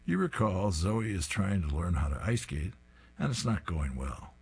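A man reads comic strips aloud and describes each panel in detail. His voice is deep and very husky, almost breathy. He sounds amused and unhurried. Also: big pitch swings.

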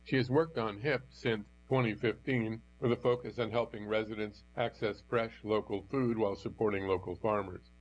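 A man with a fairly low voice reads news articles aloud, keeping a steady, even delivery. The recording is dull and lo-fi. A faint mains hum runs underneath. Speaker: news reader.

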